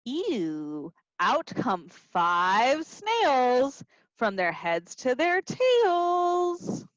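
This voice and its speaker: A woman teacher at storytime, reading slowly to little kids with a voice that swoops all over and sits a bit high. She plays it up with gasps and playful asides. The sound is dry and a touch dull, like a lo-fi recording. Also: no room sound. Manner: expressive, gasping, playful with young listeners. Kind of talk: children's storytime reading and singing.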